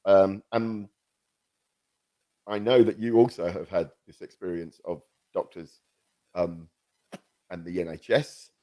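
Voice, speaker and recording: Speaking slowly with frequent pauses, a man co-hosting a casual podcast uses a low, warm voice with flat delivery. He rambles, makes fun of himself, and often starts over, all captured on a new podcast microphone.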